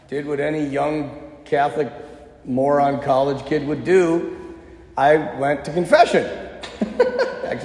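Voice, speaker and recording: A man in his thirties, a pastor preaching a sermon, telling a personal story in a relaxed conversational way with self-deprecating humor. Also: on the high side. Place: church. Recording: echoey church with long reverb.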